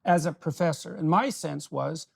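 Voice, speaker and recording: A man's voice: on the high side, moderate pace, creaky, husky. An older man hosting an interview, speaking earnestly and affirming his guest often. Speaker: podcast host. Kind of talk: casual interview conversation.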